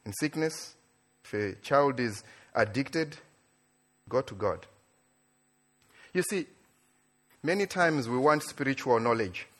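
A man from Africa preaching a sermon in a church, animated, building to excited near-shouts and then dropping low and quiet. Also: slow, long pauses. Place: church in Australia.

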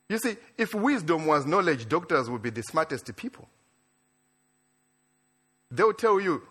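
A man from Africa preaching a sermon in a church, animated, building to excited near-shouts and then dropping low and quiet. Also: measured pace, slightly rough. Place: church in Australia.

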